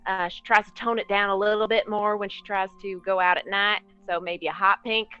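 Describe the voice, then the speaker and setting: Bright, crisp woman on a dull mic. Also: mid-range voice, steady tone, a little fast, no echo, soft background music. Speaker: player. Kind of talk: describing her character.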